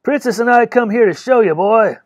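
A man voicing a boisterous young male poet with a loud, booming, teasing manner in an audiobook reading. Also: a little fast, no echo.

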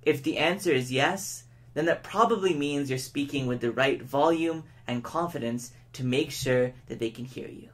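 Man, public speaking instructor, mid-pitched voice, changes pace and tone to demonstrate. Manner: demonstrates his points by speeding up, slowing down and shifting tone. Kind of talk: educational lesson to camera.

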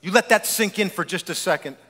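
A male pastor delivers an animated sermon, teasing and addressing the congregation directly. His voice sits high and sounds bright and forceful. A long church-hall reverb trails his words. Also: brisk. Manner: animated, joking preacher speaking straight to the congregation. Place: church sanctuary.

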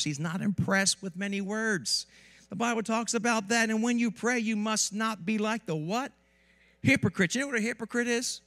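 Animated male pastor preaching with a cold. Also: high-pitched, moderate pace. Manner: lively and animated, with asides to the congregation. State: has a cold. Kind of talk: sermon. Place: church sanctuary.

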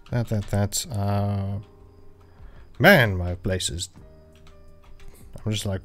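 A man's voice: fairly low pitch, expressive, slow pace, creaky, long pauses, a bit bright. A man chatting casually while livestreaming a survival game, rambling with lots of fillers and self-corrections. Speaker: livestreaming gamer. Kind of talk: casual gameplay livestream chat. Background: royalty-free background music.

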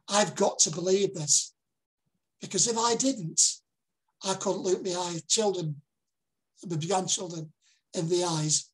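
Older Lancashire man, husky and a little breathy, earnest public speaker who repeats key lines for emphasis. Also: high voice, measured pace, rough recording. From Lancashire, England. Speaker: dementia campaigner giving a talk. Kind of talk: public presentation.

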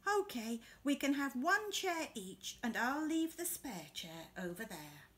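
A woman voicing an eager, bouncy and slightly greedy hare in a picture-book read-aloud, talking in an excited, chirpy way. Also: high voice, unhurried, full character voice.

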